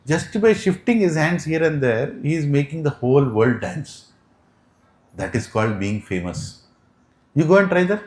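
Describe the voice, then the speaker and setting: Animated Indian preacher in an echoey hall. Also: male voice, on the high side, moderate pace, pauses often. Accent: Indian English. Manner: animated, asks the audience rhetorical questions. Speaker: spiritual teacher giving a scripture class. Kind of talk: sermon. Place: devotional center hall. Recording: echoey room.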